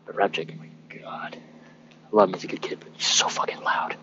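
A man's voice: a little fast, highs cut off, background noise. A young man, a sailor, rambling casually and cursing freely as he wanders outdoors on a military base. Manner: rambling, loose and profane. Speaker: sailor recording a podcast. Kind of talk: casual rambling monologue while walking.

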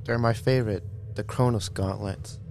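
A man playing a tabletop game, speaking in character in a calm, matter-of-fact way. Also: fairly low pitch, moderate pace, a little hiss or hum. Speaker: player. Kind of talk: in-character tabletop role-play.

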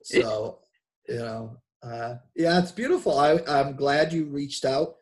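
A man with a Boston accent, a guest on an interview podcast, talking in a relaxed, reflective way with frequent fillers and restarts. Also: mid-range voice, slow pace. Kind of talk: casual interview chat.

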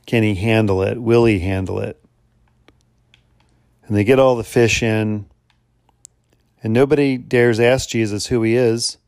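Earnest male podcast host, low voice. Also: steady tone, darkish tone, smooth, dry recording, studio quality. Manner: earnest, measured storytelling with rhetorical questions. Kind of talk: reflective spoken sermon.

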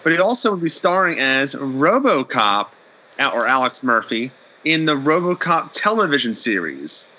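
Animated man, bright lively voice. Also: mid-range voice, moderate pace, dull audio. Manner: animated storytelling, acting out characters' lines. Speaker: podcast co-host recapping a horror episode. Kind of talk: casual chat.

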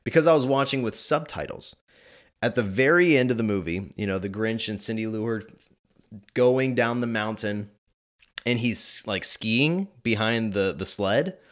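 A man in his twenties giving chatty movie commentary, animated and quick to laugh. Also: lowish voice. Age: 20s. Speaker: video host.

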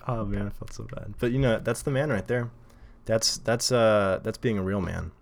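A man's voice: on the low side, normal speed, gravelly. A man hosting his own podcast, rambling casually with lots of fillers and frequent laughs into a desk mic. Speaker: podcast host. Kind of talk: casual solo podcast monologue. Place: home recording setup at a table.

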